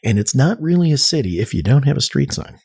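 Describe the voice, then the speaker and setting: Brief: male guest, mid-pitched, chatty and animated storyteller who acts out quotes. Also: quick pace, creaky, breathy edge. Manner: animated storyteller, frequent restarts and acted-out quotes. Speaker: podcast guest, arts nonprofit cofounder. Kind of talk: casual conversational storytelling.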